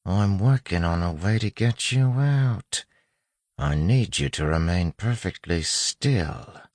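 This is a sly lawman passing himself off as a gang member, in a storybook reading, voiced by a man. He keeps his voice soft and low with a threatening edge. It sounds breathy and dry up close. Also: sing-song, slow, no room sound, full character voice. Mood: soothing. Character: sly male lawman posing as a gang thug.

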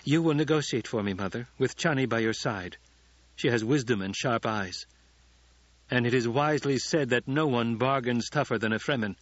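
A man's voice: mid-range voice, moderate pace, dry recording, lo-fi sound, lightly acted. A man voicing a commanding, calculating young male ruler with clipped delivery.

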